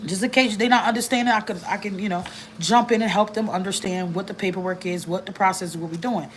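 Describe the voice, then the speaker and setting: A woman giving blunt, animated advice to caseworkers, telling stories and cussing freely in a casual livestream. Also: mid-range voice, fast, a little hiss or hum, rough recording. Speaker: family advocate speaking to caseworkers.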